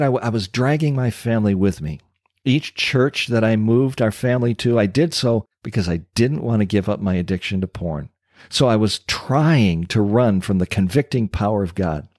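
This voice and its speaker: An older man with a fairly low voice tells his own story in a heartfelt, confessional way, pausing to lean on key words. The sound is dry and close, with no room behind it. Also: a little mellow, dry recording. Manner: earnest and confessional, with slow emphatic pauses. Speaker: ministry coach and former pastor. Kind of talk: personal testimony.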